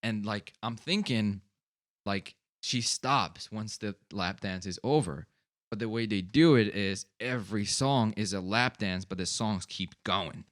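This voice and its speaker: A man's voice: on the low side, unhurried, fairly bright tone. A man in his twenties from Long Island, co-hosting a podcast and telling a rambling story full of fillers and swearing. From Long Island, USA. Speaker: podcast co-host. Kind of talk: casual chat.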